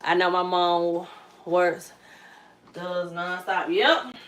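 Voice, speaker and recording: Chatty Georgia mom in echoey kitchen. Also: female voice, on the low side, slow. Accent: Southern US, Georgia. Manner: chatty, relaxed, drawling Southern speech. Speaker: vlogger and mother. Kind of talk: casual live-stream chat with viewers. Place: kitchen at home. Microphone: phone on a tripod. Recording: echoey kitchen, faint noise.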